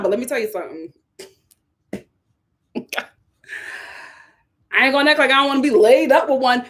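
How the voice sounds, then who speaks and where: A young woman, hosting a live-stream review and ranting in animated, casual commentary, repeating lines for emphasis. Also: moderate pace, pauses often. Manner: animated, repeats lines for emphasis, swings between loud outbursts and low mutters. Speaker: YouTube reality-TV reviewer.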